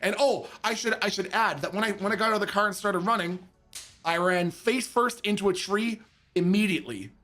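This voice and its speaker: A high-pitched man tells a story with lots of energy. He laughs often, swears freely and jumps into loud impressions of what people said. Faint music plays underneath. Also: fairly quick. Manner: animated, laughs often, acts out drunken quotes in a raised voice, swears freely. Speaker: streamer telling a story. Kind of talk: casual storytelling.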